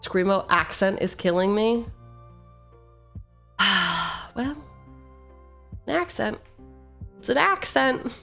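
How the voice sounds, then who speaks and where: A woman's voice: a little high, big pitch swings, slow pace, vocal fry, long pauses, a bit bright, soft background music. A woman streamer chatting casually with her viewers, rambling, joking at herself and reading card text aloud. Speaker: streamer opening card packs. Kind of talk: casual live-stream chat.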